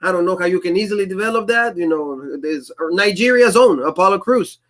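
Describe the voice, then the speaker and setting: A man with a noticeable foreign accent co-hosting a casual review show, talking in an animated way and acting out quotes in different voices. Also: sits high, a little fast. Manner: animated, frequently acts out quotes in shifting voices; speaks English with a non-native accent. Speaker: co-host of a wrestling review show. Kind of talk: casual podcast chat.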